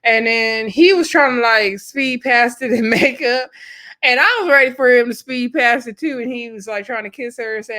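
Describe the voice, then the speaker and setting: A woman's voice: fairly high pitch, normal speed, pushed and bright. A woman casually recapping a reality show episode, acting out quotes in different voices and laughing between remarks.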